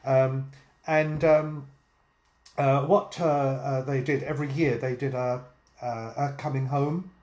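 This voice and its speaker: A man co-hosting a casual vlog tells stories and jokes, filling his speech with lots of ums and uhs. His mid-range voice is steady, slow and a little mellow, and the room sounds echoey.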